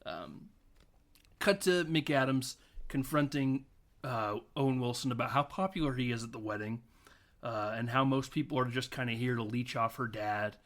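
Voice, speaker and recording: A man's voice: medium pitch, moderate pace, a bit bright. Chatty man retelling a film's plot. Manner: storytelling, laughs often and acts out quotes. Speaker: film podcast host. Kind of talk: casual chat recapping a film.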